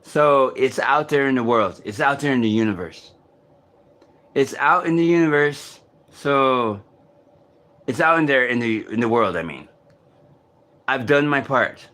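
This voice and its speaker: A man talking to camera in a casual vlog monologue, outdoors in a city park, in a halting, searching way with many restarts. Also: medium pitch, animated, fairly bright tone. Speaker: vlogger.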